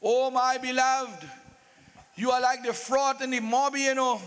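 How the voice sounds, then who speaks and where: A man voicing a lovesick old king who pleads with his wife in drawn-out, theatrical lines. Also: very high-pitched, fairly even intonation, a bit bright, smooth, in a large hall. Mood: pleading.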